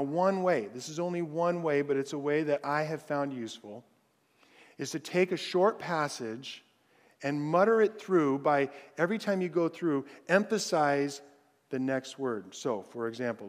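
A man, a pastor, preaching a sermon in a conversational way and softening his voice to recite scripture. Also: mid-range voice. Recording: long hall reverb.

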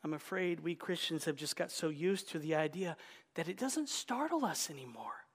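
A man preaching an Easter sermon, moving between loud exclamations and hushed whispers. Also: a little high, expressive, moderate pace, husky. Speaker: pastor. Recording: long reverb of a large hall.

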